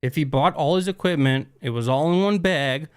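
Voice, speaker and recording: A man's voice: a little high, normal speed, smooth, no echo, studio quality. A man co-hosting a live podcast, joking crudely in casual chat. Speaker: co-host.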